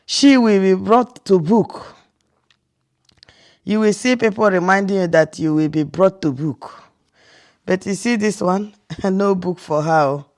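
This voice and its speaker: A woman's voice: fairly low pitch, darkish tone. A Nigerian woman from Nigeria giving casual reaction commentary as a vlogger, incredulous and rhetorical, often restarting her sentences.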